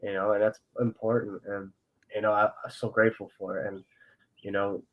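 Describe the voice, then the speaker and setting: A man's voice: on the low side, little pitch movement, brisk, muffled recording. A young man co-hosting a casual podcast, talking earnestly and openly about his feelings, full of fillers and swearing. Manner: rambling, filler-heavy, swears freely. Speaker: podcast co-host.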